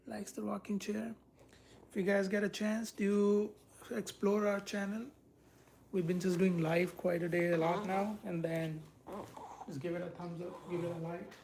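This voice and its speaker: A man's voice: sits high, gravelly, darkish tone, a little hiss or hum. A man chatting casually and at length with viewers on a live stream from home, as a parent. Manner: rambling, chatty, talks straight to viewers.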